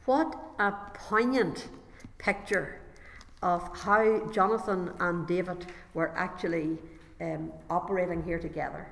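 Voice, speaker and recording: A woman's voice: lowish voice, steady tone, measured pace, creaky. A woman delivers a sermon in a hall with a long echo. She reads scripture aloud, then breaks off to explain each passage in her own words. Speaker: preacher. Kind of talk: sermon with Bible reading.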